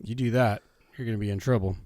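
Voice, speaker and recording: A man's voice: fairly low pitch, steady tone, fast talker, warm tone, dry recording. Casting: blunt man, heavy swearing, casual podcast co-host, dry close sound. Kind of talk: casual chat.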